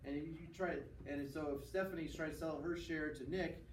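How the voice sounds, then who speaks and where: A man's voice: fairly high pitch, steady tone, normal speed. Man teaching in an echoey classroom. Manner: explanatory, checks in with "okay?", acts out examples. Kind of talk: classroom lecture. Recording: echoey classroom from far off, faint noise.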